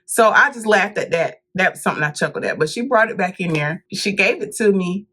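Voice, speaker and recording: A woman vlogging a casual storytime, dramatic and animated, acting out quotes and calling her viewers "y'all". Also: mid-range voice, brisk. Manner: addresses viewers directly as "y'all" and "baby".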